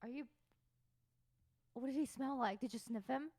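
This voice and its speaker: A young woman guesting on a casual podcast chat, excitable and teasing, with loud outbursts. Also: high-pitched, moderate pace. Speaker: guest streamer.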